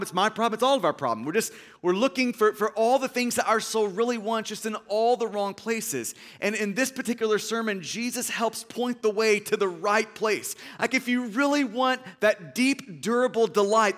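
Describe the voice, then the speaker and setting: A man's voice: sits high, fairly bright tone. A man preaching a sermon in an earnest way, often repeating phrases for emphasis. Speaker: pastor.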